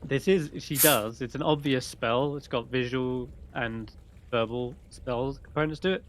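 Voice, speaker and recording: A man narrating and ruling as game master in a relaxed, chuckling way. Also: mid-range voice, measured pace.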